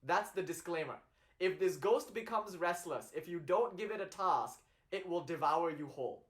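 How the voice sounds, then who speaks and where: A man voicing a stern old yogi sage who talks in an unhurried, dismissive way. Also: sits high, a bit bright.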